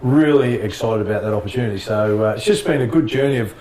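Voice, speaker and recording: A middle-aged Australian man and former basketball player, telling lively anecdotes in a casual interview and laughing often. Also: mid-range voice, fast talker, reverberant, distant mic, slight background noise.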